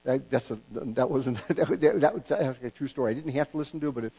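A man's voice: medium pitch, fast talker, vocal fry. A middle-aged man preaching a sermon as pastor, folksy and joking, with stumbling restarts and acted-out quotes. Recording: dull lo-fi recording with hum.

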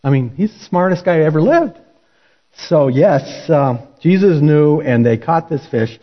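Brief: male preacher, relaxed storyteller, slightly high voice, muffled lo-fi sermon recording. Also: a little slow. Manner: folksy, conversational storytelling. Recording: dull lo-fi recording.

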